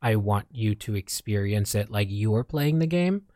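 A man's voice: on the low side, animated, normal speed, warm tone, no room sound, studio quality. A young man from the Philippines chatting casually as a streamer, rambling with lots of fillers and restarts. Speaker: streamer and podcast co-host. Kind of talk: casual chat.

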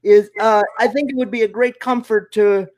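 A man hosting an interview, who speaks haltingly, repeats his words and gets emotional at times. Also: sits high, steady tone, muffled recording. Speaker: interview host. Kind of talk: casual interview chat.

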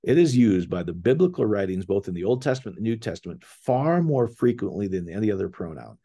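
A man with a husky, slightly low voice leads a casual scripture word study. He explains each term with eager enthusiasm and keeps turning to his listeners directly. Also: sing-song, quick pace, warm tone. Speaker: bible teacher.

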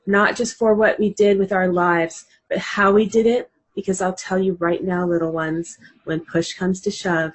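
A woman's voice: fairly low pitch, slightly rough. A woman hosting an interview who listens with short affirmations and then reads a book passage aloud. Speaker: interview host.

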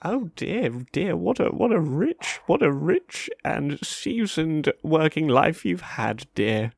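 A fussing, doting old woman coos over a young man, her breathy voice wavering and climbing high before dropping again. A man plays her as an improvised comic bit. A gravelly edge sits under the voice. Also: big pitch swings, takes it slowly, dry recording, studio quality, exaggerated voice. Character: chatty old woman named Deirdre, doting. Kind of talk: improvised comic role-play.

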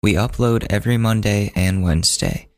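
A young man hosting a solo podcast, tired and a bit hoarse, talking casually and circling back over his words. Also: fairly low pitch, normal speed. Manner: rambling, self-interrupting, casual. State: losing his voice, fatigued. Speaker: podcast host.

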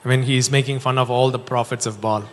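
A man preaching a sermon, telling stories in an animated, joking way. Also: mid-range voice, quick pace, a little hiss or hum. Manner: animated storytelling, jokes and laughs. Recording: long hall reverb.

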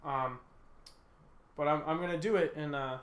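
A man's voice: on the high side, normal speed, a loud crowd. A man chatting casually at a tasting, rambling and hedging as he trails off. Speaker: tasting co-host. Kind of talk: casual chat.

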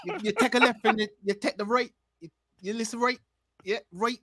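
A man doing a cheerful Barbadian man, Barbadian accent, raised and higher than usual, bouncy sing-song teasing, jokey podcast bit. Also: brisk, crowd noise, natural voice. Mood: playful. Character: jolly Barbadian man fond of punch.

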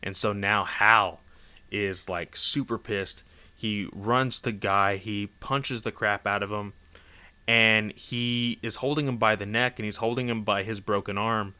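A man walks through a story in a loose, rambling way, filling gaps with casual fillers. His voice sits a little low and has a bright, forceful tone. He takes his time. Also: unhurried, smooth. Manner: rambling, animated, lots of "like" and "you know". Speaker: comic book recap host.

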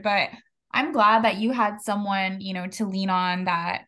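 A woman's voice: mid-range voice, measured pace, sharp tone. A young woman chats casually as a guest on a podcast, laughing often and filling her sentences with "like." Her voice sits in an ordinary middle register. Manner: chatty, laughs often, many "like"s. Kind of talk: casual conversation about grief.

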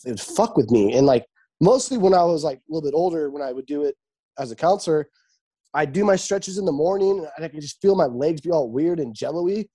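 A young man in his twenties chatting casually, telling animated stories with lots of swearing and acted-out dialogue. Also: a little high, breathy edge. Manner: animated, swears freely, acts out quoted dialogue. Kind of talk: casual chat, storytelling.

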